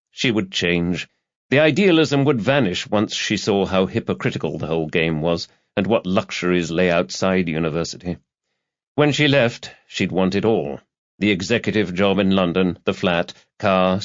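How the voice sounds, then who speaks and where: A male narrator with a low voice tells the story at a measured, brooding pace. The sound is dull and lo-fi, very dry, with no room heard. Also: lively intonation, no room sound. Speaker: audiobook narrator. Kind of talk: scripted narration.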